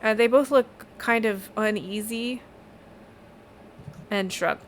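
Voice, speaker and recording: A woman's voice: fairly high pitch, takes it slowly, a little hiss or hum. A woman running a tabletop game as game master, narrating casually with many fillers. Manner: casual, filler-heavy, laughing easily.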